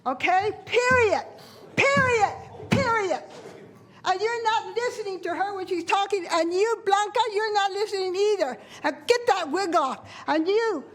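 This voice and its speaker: Woman commenter in a board chamber, very high voice, rambling, accusing, off-mic. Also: moderate pace, hardly any pauses, low-quality recording. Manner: rambling, accusatory, repeats herself. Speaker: public commenter. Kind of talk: public comment at a meeting. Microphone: off to the side of a podium mic.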